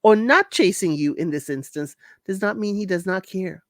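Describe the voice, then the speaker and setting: A woman's voice: mid-range voice, normal speed, dry recording, studio quality. A woman host giving a casual, colloquial recap of a reality show, scolding the people on it directly. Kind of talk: casual commentary.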